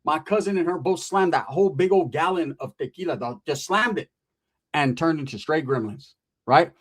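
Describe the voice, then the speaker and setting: A man with a slightly high, somewhat rough voice tells a funny story at a moderate pace. He swears, leans on slang, and animatedly plays out the voices of the people he describes.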